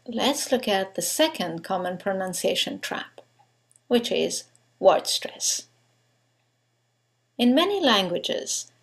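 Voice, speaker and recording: Lady teaching english pronunciation real slow and deliberate, leaning on each example word. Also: mid-range voice. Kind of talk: scripted pronunciation lesson.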